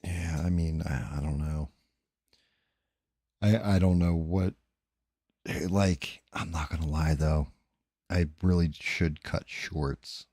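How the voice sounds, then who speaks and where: A man with a New Jersey accent, hosting a casual live stream while painting, talking fast, rambling and swearing. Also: rumbling low, fairly even intonation, mellow, no room sound, studio quality. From New Jersey, USA.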